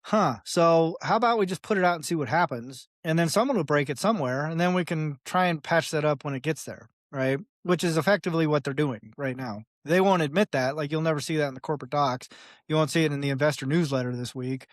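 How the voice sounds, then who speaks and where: This is a high-ish, fast male voice, recorded clean in a studio without echo. During a casual interview on a podcast, he rambles loosely, drops "like" and "right?" often, and acts out quoted conversations in other voices with plenty of animation.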